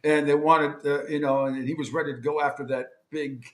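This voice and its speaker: A man co-hosting a radio talk show, chatting excitably and laughing often. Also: fairly high pitch, a little fast, crowd noise. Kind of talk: casual talk radio banter. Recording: roomy studio sound.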